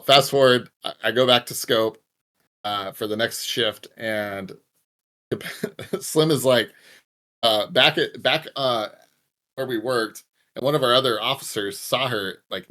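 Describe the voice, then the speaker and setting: A young man co-hosting a podcast, telling a story in a relaxed, wry way, with curse words now and then. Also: mid-range voice, slow pace, pauses often. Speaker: podcast co-host. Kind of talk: casual storytelling.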